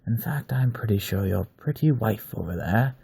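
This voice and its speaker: A mock-fatherly werewolf, cruel and playful, spoken by a man reading a storybook aloud in a voice raised above his low, gravelly own. It sounds husky and close, with no room around it. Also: lively intonation, moderate pace, dark tone, no echo, full character voice. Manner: toying, mock-fatherly menace. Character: male werewolf killer, deep smooth voice, fatherly yet cruel.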